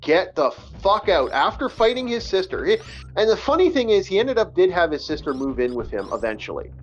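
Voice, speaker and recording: A man's voice: sits high, animated, brisk, lo-fi sound. A man hosting a casual podcast, telling a story in a rambling way with many restarts. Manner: rambling, repeats words. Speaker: podcast host.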